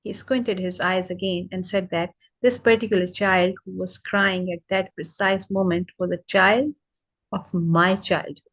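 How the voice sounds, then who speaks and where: Woman reading aloud at a brisk pace. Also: mid-range voice, steady tone, fairly bright tone, rough recording. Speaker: reader on a live reading.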